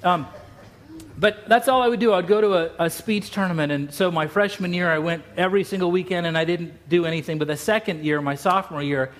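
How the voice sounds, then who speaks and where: A man's voice: sits high, a little fast. A middle-aged man from Utah preaching a sermon, telling stories with emphatic, repeated phrases. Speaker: pastor.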